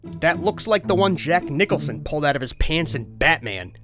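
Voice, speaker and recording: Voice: medium pitch, big pitch swings, moderate pace, music in the background. A host giving a comedic overview of toy history, with wry, exaggerated comic outbursts.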